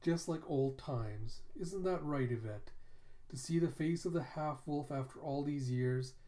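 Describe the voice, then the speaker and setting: A man voicing a sinister, scheming female abbess who turns out to be a monster, speaking in a slow, gloating, drawn-out way. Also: on the high side, mellow, lightly acted.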